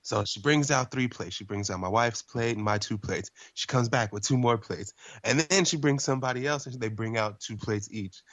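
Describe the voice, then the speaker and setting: A young man on a podcast, telling a story in a lively casual way, swearing freely. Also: mid-range voice, normal speed, hardly any pauses, dry recording. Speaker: podcast co-host.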